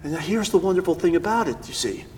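A man preaching a sermon as pastor, emphatic, swinging between hushed asides and loud stresses. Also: high-pitched, animated, fast talker, in a large hall, low-quality recording.

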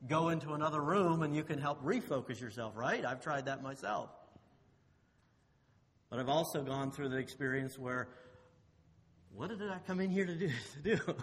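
A man preaching a sermon, swinging between loud emphasis and hushed low phrases, and asking the listeners rhetorical questions. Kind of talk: expository sermon. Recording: long hall reverb.

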